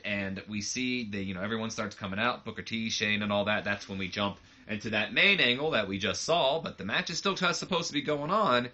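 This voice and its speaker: A man's voice: fairly low pitch, pushed and bright. A man giving casual let's play commentary on a wrestling game, rambling loosely with lots of fillers, on a slightly muffled mic.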